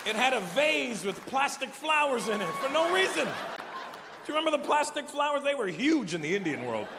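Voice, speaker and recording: A man in his forties performing a stand-up comedy set, telling stories animatedly with profanity and loud punchlines. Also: extremely high pitch, big pitch swings, moderate pace, background noise. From Canada. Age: 40s. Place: large live venue. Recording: echoey hall with live crowd ambience.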